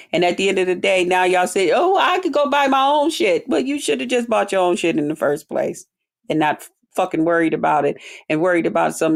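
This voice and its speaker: A woman's voice: on the low side, creaky. A woman hosting a livestream, bluntly ranting to her chat with heavy profanity and mocking drawled quotes. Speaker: livestream host. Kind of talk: profane commentary rant to chat.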